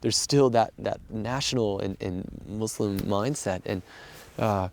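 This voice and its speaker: A man's voice: fairly low pitch, measured pace, creaky, darkish tone, dry recording. A man working as a missionary aid worker tells what happened in an earnest way, acting out the things people said. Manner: earnest storytelling, acting out quoted dialogue. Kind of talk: casual spoken account of events.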